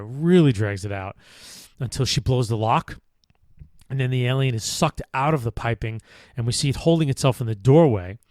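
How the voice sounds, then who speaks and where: A man's voice: mid-range voice, no room sound. A man hosting a podcast, recapping a film in a loose, rambling way with many fillers and restarts. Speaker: podcast host.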